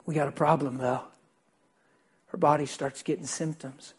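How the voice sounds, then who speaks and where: Male pastor, fairly high husky voice, animated sermon storytelling, drops to a hush then bursts out loud. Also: normal speed. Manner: animated, swings between loud and hushed.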